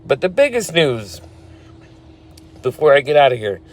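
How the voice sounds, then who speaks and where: A man's voice: a little high, sing-song, normal speed, a little hiss or hum. A man recapping a wrestling show in casual, blunt, opinionated talk, now and then swearing. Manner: blunt and opinionated, swears, laughs at his own retellings.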